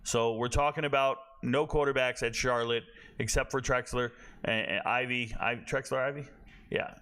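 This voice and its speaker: A man hosting a college football show, talking casually and bluntly, rambling and correcting himself, with a tired, low-energy delivery. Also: steady tone, moderate pace, a bit bright. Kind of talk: casual sports commentary.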